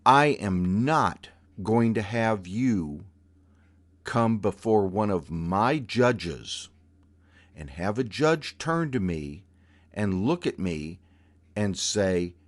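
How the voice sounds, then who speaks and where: A man voicing a genteel older aunt who is sweet-voiced but iron-willed, speaking in drawn-out endearments and slow, firm commands. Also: lowish voice, very animated, exaggerated voice. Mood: stern warning.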